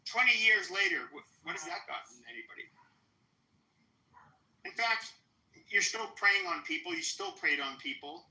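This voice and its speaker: A man's voice: high-pitched, lively intonation, normal speed, pauses often, sharp tone. A man hosting a podcast, delivering a profane, taunting, repetitive confrontational rant. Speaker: podcast host. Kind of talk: confrontational live-stream rant. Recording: roomy echo.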